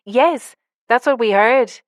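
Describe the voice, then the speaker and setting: A woman narrator voicing an eager, excitable young woman in an audiobook. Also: a little high, slow, dry recording, studio quality, pitched above the performer's own voice.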